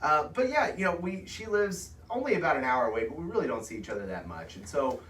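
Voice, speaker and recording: A man from Indiana co-hosting a casual food podcast, talking in an animated way and laughing often. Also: fairly high pitch, fast, echoey room, distant mic, slight background noise. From Indiana, USA. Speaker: podcast co-host. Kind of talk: casual chat.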